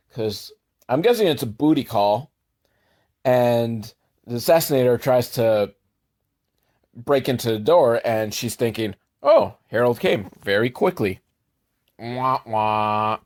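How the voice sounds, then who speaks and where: Sarcastic man recapping a movie. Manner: deadpan, irreverent asides, jumps in pitch for emphasis. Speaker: comedic movie reviewer.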